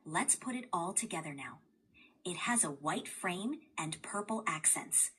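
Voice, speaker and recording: Very husky, slow woman tutor voice. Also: fairly low pitch. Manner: patient, encouraging, even-paced. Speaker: language tutor assistant. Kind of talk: guided language lesson.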